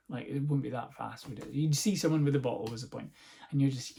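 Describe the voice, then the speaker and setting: A man talks through a casual comic podcast monologue, rambling from one tangent to the next with a sarcastic edge. His voice has a gravelly texture at a middle pitch. He swears freely and keeps a loose, joking tone. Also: moderate pace, darkish tone. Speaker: podcast host.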